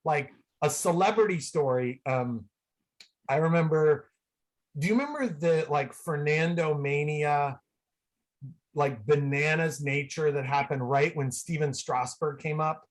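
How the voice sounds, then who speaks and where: A man from the San Francisco Bay Area, a guest on a video call, telling rambling, excitable stories full of "like" fillers. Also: fairly high pitch, unhurried. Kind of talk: casual storytelling.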